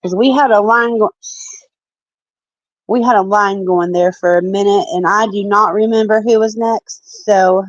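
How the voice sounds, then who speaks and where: Woman tarot reader on a live stream, mid-pitched and chatty, affectionate with viewers, dry and slightly muffled home audio. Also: steady tone, a little slow, dry recording. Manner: chatty, apologetic, calls viewers babe and love. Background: children heard in the background.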